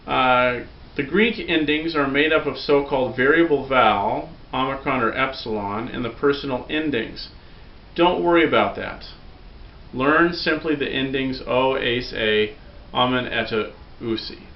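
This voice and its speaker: A man teaching a recorded Greek lesson, patiently drilling the forms aloud for students to repeat. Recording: roomy, dull lo-fi recording with faint rumble.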